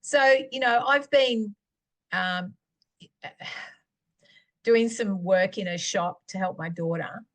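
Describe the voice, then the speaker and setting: A middle-aged woman, sharing a faith testimony in a chatty, animated storytelling way. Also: mid-range voice, slow, pauses often. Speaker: podcast host.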